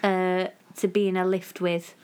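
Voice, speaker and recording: A woman's voice: lowish voice, little pitch movement, a little slow, darkish tone, smooth. A woman, co-hosting a casual chat in a playful, teasing way and laughing often. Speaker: podcast co-host.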